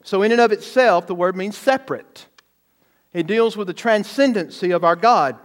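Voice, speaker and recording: A man's voice: sits high, moderate pace. A man preaching a sermon, emphatic, asking the congregation rhetorical questions and stressing words by repeating them. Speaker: pastor.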